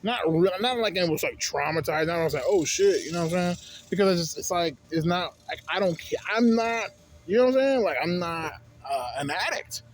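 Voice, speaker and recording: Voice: medium pitch, expressive, fairly quick, a little hiss or hum. A young adult man vlogging in a loose, rambling way, swearing constantly and checking in with "you know what I'm saying". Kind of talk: casual rambling monologue.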